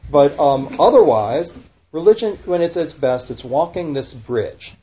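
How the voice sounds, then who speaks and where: A man's voice: a little high, expressive, measured pace, warm tone. A man, a rabbi, talking casually and animatedly, firing rhetorical questions and correcting himself mid-sentence. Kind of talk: casual podcast discussion. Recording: dull lo-fi recording.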